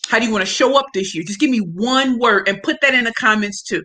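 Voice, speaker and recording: A woman hosting a casual livestream, talking in an effusive, slangy way. Her voice is bright, a little higher than most women's, and has a forceful edge. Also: fast talker. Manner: effusive, greets viewers by name and reads comments aloud; slangy and emphatic. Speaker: livestream host.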